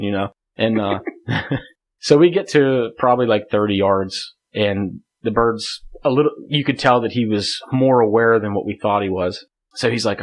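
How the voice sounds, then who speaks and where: A man's voice: mid-range voice, normal speed. Man rambling through a story with laughs. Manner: laughs often, rambling with many "like" fillers. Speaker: podcast guest. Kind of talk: casual hunting story told in conversation.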